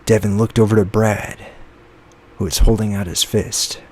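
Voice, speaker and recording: A man reading his own novel aloud in a soft-spoken ASMR style, slipping into whispers now and then. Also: flat delivery, normal speed, breathy edge. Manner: soft, low-key reading that slips into whispers. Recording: lo-fi with faint background noise.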